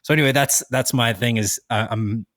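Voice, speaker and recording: Male podcast host, mid-pitched, rambling casual delivery, dry close sound. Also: a little fast, a bit bright, no echo. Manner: rambling, many restarts and fillers. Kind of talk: casual chat.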